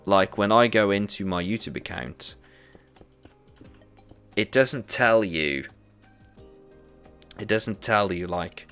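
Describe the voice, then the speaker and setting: A man's voice: lowish voice, takes it slowly, pauses often, a bit bright, clear, resonant tone, faint music behind. A man live streaming a game and chatting casually with viewers, rambling and restarting his sentences often. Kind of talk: casual chat while gaming.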